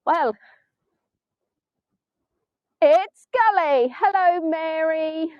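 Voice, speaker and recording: A woman's voice: high-pitched, a little slow, no echo. Chatty middle-aged woman tour guide outdoors. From England. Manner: chatty, self-mocking, breaks into snatches of song. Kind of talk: casual live-stream chat. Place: outdoors in sand dunes by the sea. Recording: dull, dry phone-stream audio.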